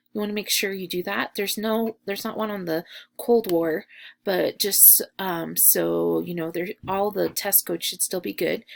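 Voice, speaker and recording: A young woman teacher speaks to her class in a loose, chatty way, filling pauses with ums and likes. Her voice sits at a middling pitch with a gravelly, fry-tinged texture. She sounds affectionate toward her students. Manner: chatty, filler-heavy and affectionate. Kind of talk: recorded class message to students.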